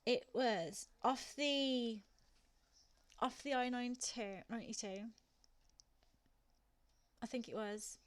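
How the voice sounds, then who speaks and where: Brief: woman streamer, Black Country accent, a bit high-pitched, chatty, laughs easily. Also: slow pace, long pauses. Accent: Black Country (West Midlands English). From England. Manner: chatty, laughs often, talks to chat viewers. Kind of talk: casual chat while gaming.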